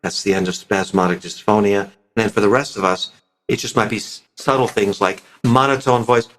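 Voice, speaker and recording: A man speaking as a voice coach guest on a podcast interview, explaining expressively with frequent pitch shifts and breaking into quick demonstration voices. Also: steady tone, fairly bright tone.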